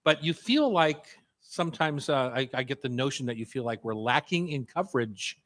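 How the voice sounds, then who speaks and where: A man's voice: mid-range voice, expressive, normal speed, a bit bright. A man hosting a casual food radio show, chatty and joking, with plenty of filler words.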